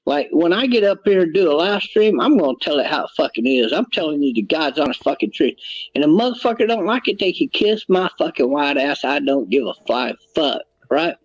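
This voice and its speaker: Husky, higher-voiced man on a dull lo-fi clip, crude repetitive rant. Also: big pitch swings, brisk, no room sound. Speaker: streamer in played clip. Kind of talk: profane livestream rant.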